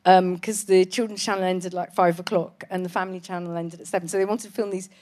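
A woman in her forties from England, talking as a podcast guest in a lively, chatty way and laughing often. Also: on the low side, fast. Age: 40s. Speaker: guest, TV presenter and author. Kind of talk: casual chat.

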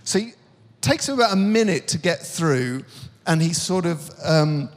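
A man's voice: fairly high pitch, lively intonation, measured pace. A man who is a guest comedian in a casual chat, animatedly telling stories and acting out the people in them, on stage before a live audience. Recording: live venue with long reverb.

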